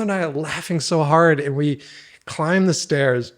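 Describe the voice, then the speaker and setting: A man, a podcast guest, telling a family anecdote in a casual, animated way and often laughing as he talks. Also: on the high side, a little slow. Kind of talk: casual storytelling.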